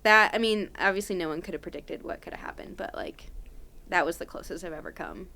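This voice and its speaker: A woman's voice: fairly low pitch, brisk, pushed and bright. A young adult woman, a podcast guest, telling a story casually and animatedly with lots of "like" fillers.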